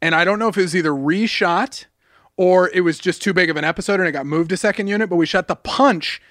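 Guy guesting on a podcast, bouncy high voice, jokes on himself, bright tone. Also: dry recording, studio quality. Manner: lively, self-mocking, does quick voices in anecdotes. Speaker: podcast guest, former cast member. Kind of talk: casual chat, animated storytelling.

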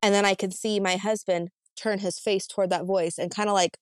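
Woman retelling a betrayal, animated. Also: mid-range voice, brisk, no echo, clean studio sound. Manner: animated, acts out both sides of a phone argument. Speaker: guest. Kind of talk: casual podcast storytelling.

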